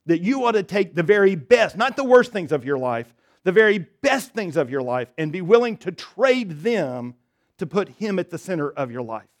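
A man preaching a sermon as pastor, swinging between loud emphatic stretches and soft, low, intimate ones. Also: very animated, moderate pace.

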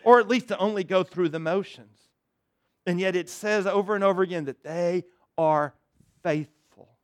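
A man's voice: a little high, no room sound. A male pastor giving a conversational sermon, often acting out quotes and repeating words.

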